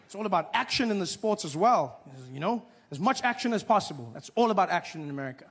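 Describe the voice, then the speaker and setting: Man, stand-up comedian, fairly high voice, animated storytelling, faint noise behind. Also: fast talker. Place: on stage before a live audience.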